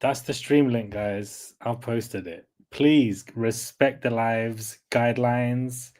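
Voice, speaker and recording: Give me a man hosting a livestream, laid-back and chatty, murmuring to his audience in a voice of average pitch. He talks straight to the camera. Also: takes it slowly. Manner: relaxed, murmuring, talks to viewers directly. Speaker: livestream host. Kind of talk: casual livestream chat.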